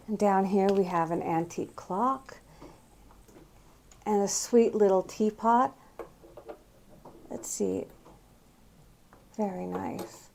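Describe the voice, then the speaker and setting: In a lowish, gravelly voice with a darkish tone, a middle-aged woman leads a relaxed stroll through antique and thrift shops. She points out pieces along the way, admiring them fondly.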